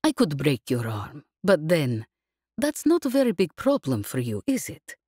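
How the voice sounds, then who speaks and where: A woman reading Yesbel, a calm, menacing woman. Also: deep voice, breathy edge, no room sound, studio quality, full character voice. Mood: calm menace. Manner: measured, mocking calm. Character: cool, dangerous woman captive, calmly menacing. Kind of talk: audiobook character reading.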